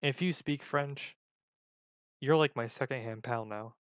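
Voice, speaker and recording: A man's voice: mid-range voice, a little slow, clear, resonant tone, no echo, highs cut off. A man in a casual vlog who rambles and jokes at his own expense. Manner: rambling, joking, self-mocking. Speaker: video creator.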